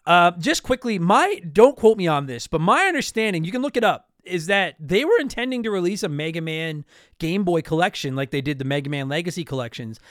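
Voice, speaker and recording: A man from Canada with a high voice that swings widely in pitch, talking casually on a podcast. He rambles, restarts his sentences and keeps apologizing. The sound is dry and close. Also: animated, brisk, a bit bright, no room sound. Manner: rambling, self-interrupting, apologetic. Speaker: podcast host answering listener mail.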